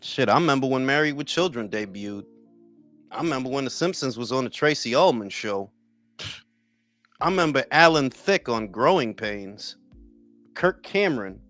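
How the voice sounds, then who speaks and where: A man's voice: fairly bright tone, dry recording. Forties guy on a boxing livestream, cussing and joking with chat, voice jumping up and down, dry close mic. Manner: loose, profane, joking banter with swings in pitch. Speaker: boxing talk show host. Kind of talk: casual livestream chat answering viewers.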